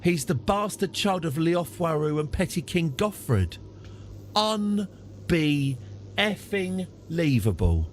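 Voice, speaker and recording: A British man streaming a strategy game, chatting through it and getting excited and apologetic in turns. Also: fairly high pitch, unhurried, hardly any pauses, slight background noise. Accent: British English. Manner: chatty, easily excited, apologetic after outbursts. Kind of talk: live game commentary.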